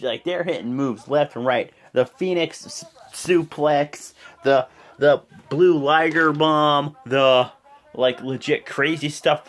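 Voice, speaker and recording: A man rambles through a casual wrestling recap in a voice of ordinary pitch. He gets excitable and swears freely as he goes. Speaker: wrestling show reviewer.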